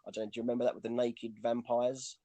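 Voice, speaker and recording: A man's voice: medium pitch, level tone, fast talker, dark tone, dry recording. A man co-hosting a casual film chat, rambling with many restarts and fillers. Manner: rambling, lots of restarts and "you know". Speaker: podcast co-host.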